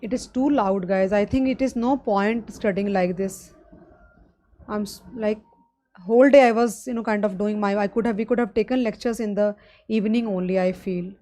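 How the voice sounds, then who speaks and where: A woman's voice: medium pitch, steady tone, moderate pace. A middle-aged woman with an Indian English accent, giving a live online finance lecture and talking students through each step. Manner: explains step by step, addresses students as guys. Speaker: finance exam teacher. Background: loud drums of a street festival.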